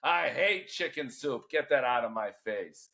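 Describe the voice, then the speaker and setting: A man's voice: mid-range voice, animated, measured pace, vocal fry, sharp tone, heavily acted. Man as a cranky old patient, plain everyday voice, joke telling. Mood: grumpy. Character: grumpy old male hospital patient.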